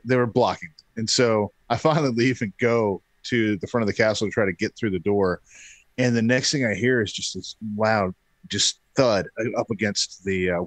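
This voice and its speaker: Animated man telling a story. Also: fairly low pitch, no echo. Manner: animated, acts out quotes. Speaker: podcast guest. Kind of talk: casual storytelling.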